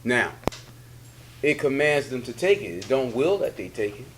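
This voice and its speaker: A man's voice: medium pitch, animated, moderate pace, a bit bright, a little hiss or hum. A man, a religious leader giving a casual spiritual teaching, repeating his points in colloquial speech. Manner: preachy, repetitive, colloquial. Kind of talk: spiritual teaching in a sit-down talk.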